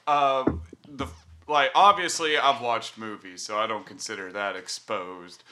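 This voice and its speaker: A man's voice: lowish voice, steady tone, a little slow, pushed and bright. A man from Alabama telling a story in casual podcast chat, with lots of fillers. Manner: laid-back, chatty storytelling with fillers.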